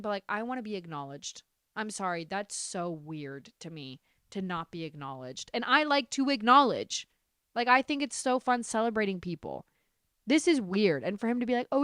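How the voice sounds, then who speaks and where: Smooth-voiced woman podcaster, swearing and heated. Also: medium pitch, dry recording, clean studio sound. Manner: animated, swears often, reacts heatedly while reading. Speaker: podcast host. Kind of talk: casual podcast chat reading reddit stories.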